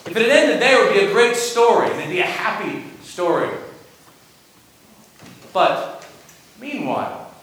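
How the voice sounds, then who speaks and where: Male pastor, slow storytelling sermon, high bright voice, echoey sanctuary. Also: big pitch swings, recorded from a distance. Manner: storytelling, dramatic asides. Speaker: preacher.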